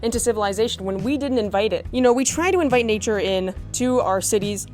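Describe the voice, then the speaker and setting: A woman giving a comedic rant monologue, exasperated, swearing and animated. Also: fairly high pitch, fast talker, soft background music. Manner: profane, exasperated, animated ranting. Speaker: comedic commentator.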